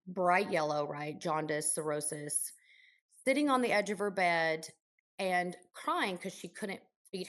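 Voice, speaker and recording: Earnest woman nurse telling stories. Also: fairly low pitch. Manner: earnest, emotional, many restarts and "like"s. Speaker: ICU nurse and podcast guest. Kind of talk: conversational interview storytelling.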